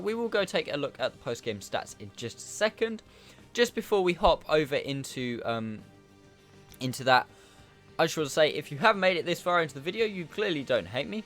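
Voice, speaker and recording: Youtuber guy talking over his game footage, chatty and self-mocking, pitch all over the place, some faint music behind. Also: fairly bright tone. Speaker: gaming YouTuber. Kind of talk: gameplay commentary.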